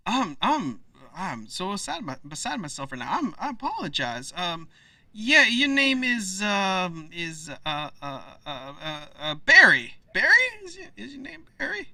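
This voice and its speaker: A man's voice: sits high, sing-song, unhurried, vocal fry, sharp tone, no echo, distant mic, voice pushed up, exaggerated voice. A man voicing a fidgety older male mayor who seems like a greasy car salesman, stammering and flustered, in a tabletop game.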